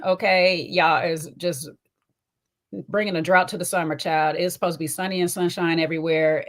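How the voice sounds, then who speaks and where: A woman with a fairly low voice and a slight twang gives casual, sassy commentary on a reality show. She talks in a chatty, conversational way and keeps tossing little asides to her viewers. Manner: chatty and sassy, often tags lines with "okay?" and "child". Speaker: reality TV recap host.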